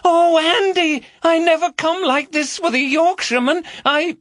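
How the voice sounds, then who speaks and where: Man doing a shrill mock-woman falsetto. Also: steady tone, measured pace, a bit bright, no room sound, clean studio sound. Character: bloke mimicking a moaning woman, raucous.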